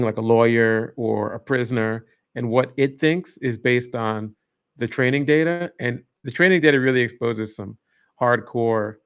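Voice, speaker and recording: A man's voice: mid-range voice, creaky. A man hosting a casual livestream, rambling and joking as he chats with viewers. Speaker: livestream host. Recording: dull lo-fi stream audio.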